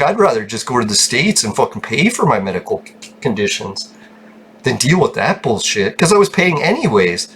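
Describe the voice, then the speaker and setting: A young man talks casually over his gameplay in a middle-pitched voice. He rambles from one thought to the next, swears freely and breaks into laughter. A faint background hiss sits under the voice. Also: fairly bright tone. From Canada. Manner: rambling, profane, laughs often. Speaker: gaming channel host. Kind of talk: casual chat while gaming.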